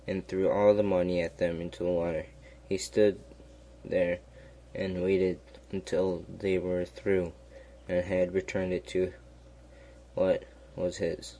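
A man reading a fairy tale aloud in a slow, even way, with small slips and restarts. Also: deep voice. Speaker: storyteller.

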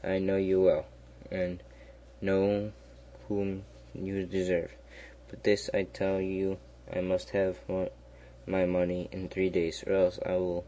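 Guy reading as a grumpy stubborn old-timey peasant, deep and mellow, storybook style. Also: a little hiss or hum. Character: grumbling stubborn male peasant, middle-aged.

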